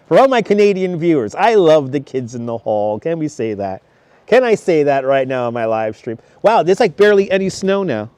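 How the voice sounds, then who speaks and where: A man in his thirties with a somewhat high, sing-song, darkish voice talks at normal speed while live-streaming outdoors on a snowy beach. He chats with viewers, greets them by name and laughs often. A wireless clip-on mic gives a clean tone with no room sound.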